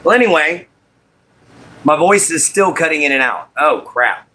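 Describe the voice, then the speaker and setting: A man's voice: on the high side, animated, a little slow, sharp tone. A man hosting a casual livestream while making a walking stick, greeting viewers by name and apologizing about his audio. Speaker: livestream host.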